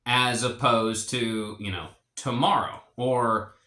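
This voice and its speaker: A man explaining a language lesson in a relaxed, rambling way, with fillers and restarts. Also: medium pitch, takes it slowly, roomy sound. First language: English. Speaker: language teacher.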